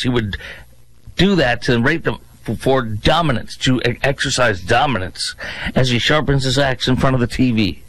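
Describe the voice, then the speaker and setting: A man filling in as a talk radio host, giving sarcastic, mocking political commentary with exaggerated swings in pitch. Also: a bit bright, no echo, poor audio.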